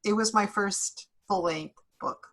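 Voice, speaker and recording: A woman's voice: medium pitch, unhurried, a bit bright, low-quality recording. A woman author speaking to a class over a video call, reflective, with frequent ums and restarts. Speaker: guest author.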